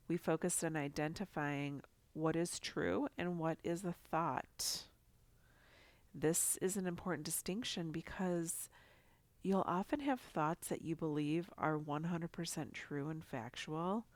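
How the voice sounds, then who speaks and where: A middle-aged woman hosting a podcast, speaking calmly and encouragingly in a congested, nasal voice. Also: sits low, no room sound. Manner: calm, encouraging coaching tone. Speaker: podcast host. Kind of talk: scripted podcast talk.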